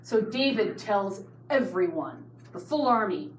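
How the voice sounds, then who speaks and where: A woman teaching a Bible study class, telling the story with lively asides to her students, in a roomy space with faint noise. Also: mid-range voice, moderate pace.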